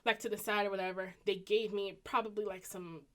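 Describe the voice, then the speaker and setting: A woman in her thirties with a Southern US accent, telling a personal story casually to her viewers and acting out the people in it. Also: brisk. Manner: animated, acts out quoted voices with pitch jumps. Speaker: vlogger.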